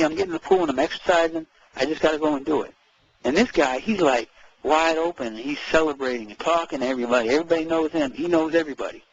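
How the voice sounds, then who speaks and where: A man chatting casually as co-host, animated, repeating words and acting out quoted speech. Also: on the high side, gravelly, slightly rough, muffled recording. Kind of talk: casual conversational chat.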